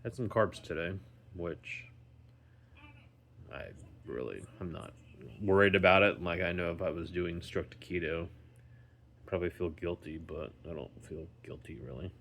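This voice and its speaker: A very deep-voiced man talks in a slow, unhurried way. He rambles through a casual daily vlog, full of ums and restarts, sounding tired as he recovers at home. A faint hum of room noise sits behind him. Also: a bit bright. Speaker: vlogger.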